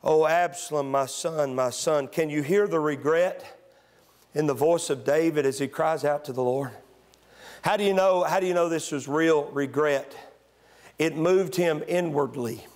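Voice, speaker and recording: A man pastor preaching a sermon in church, moving between calm teaching and loud, shouted exhortation. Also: fairly high pitch, unhurried. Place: church sanctuary.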